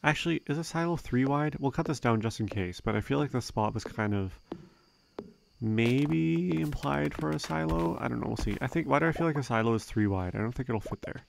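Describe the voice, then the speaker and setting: A young man giving relaxed, rambling gameplay commentary, thinking aloud with frequent fillers. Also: mid-range voice, fairly quick, creaky, slight background noise. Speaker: let's play gamer.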